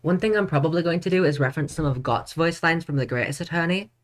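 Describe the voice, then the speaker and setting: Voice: mid-range voice, quick pace. A streamer commenting playfully and chattily on a courtroom game, reading lines aloud and joking along the way. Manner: playful, chatty, laughs at own jokes.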